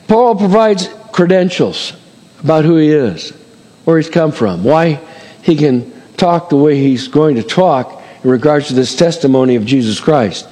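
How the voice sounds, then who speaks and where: A man's voice: on the high side, mellow, long reverb tail. A middle-aged man preaching a sermon as a pastor, folksy and conversational with lots of fillers and asides.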